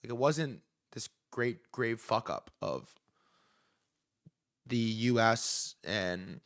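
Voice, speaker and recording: A young man in his twenties hosting a live stream, talking in a profane, excitable, rambling way. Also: mid-range voice, extremely slow, no room sound, clean studio sound. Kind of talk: casual live commentary.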